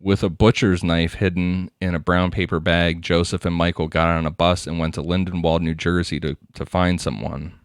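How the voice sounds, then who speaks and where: A deep-voiced man hosting a casual podcast, reading case details in a loose, conversational way and laughing often. His voice is dry and close to the microphone. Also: level tone, normal speed, few pauses, no echo. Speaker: podcast host. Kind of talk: casual true-crime narration.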